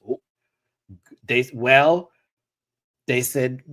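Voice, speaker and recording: A man's voice: mid-range voice, lively intonation, unhurried. A man from Texas hosting a casual live review, chatty, giggly and playful. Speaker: host.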